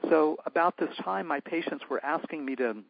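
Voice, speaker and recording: An older man, a physician, tells a story from his practice in a rough, husky voice. He speaks candidly and acts out each side of the dialogue. The recording sounds dull and lo-fi, with no room echo. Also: fairly high pitch, a little fast. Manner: retells dialogue by acting out both sides, candid. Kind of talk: anecdotal storytelling.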